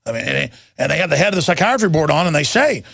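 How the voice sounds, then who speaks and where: Gravelly man, sarcastic rant. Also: big pitch swings, fast, a bit bright, no room sound, studio quality. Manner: ranting, sarcastic, frequent restarts and pitch jumps. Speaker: talk show host. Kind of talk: animated political monologue.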